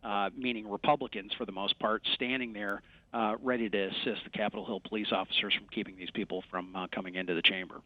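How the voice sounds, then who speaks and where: Halting low-voiced man on a muffled line. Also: steady tone, no room sound. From West Michigan. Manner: halting, many fillers and restarts. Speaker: congressman. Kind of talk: remote news interview.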